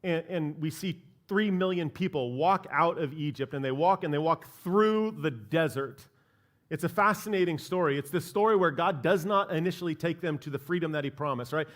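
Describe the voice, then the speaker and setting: A man's voice: on the high side, normal speed. Conversational man preaching a sermon. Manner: conversational, animated preaching with frequent "right?" and "like". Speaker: pastor. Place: church sanctuary.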